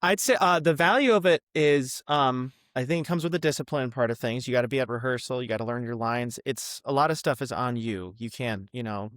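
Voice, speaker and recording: Male guest, about twenty, relaxed and friendly, mid pitch, dry studio sound. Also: fairly quick, hardly any pauses, no room sound. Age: 20s. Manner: friendly, easygoing, many ums and uhs. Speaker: podcast guest, student. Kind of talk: casual interview.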